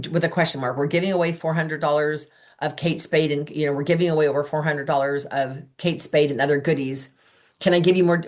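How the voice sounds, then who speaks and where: A woman with a low, full voice runs a training session for her sales team. She talks with lively enthusiasm and slips into quick voices for the messages and replies she quotes. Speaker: sales director giving training. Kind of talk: training talk.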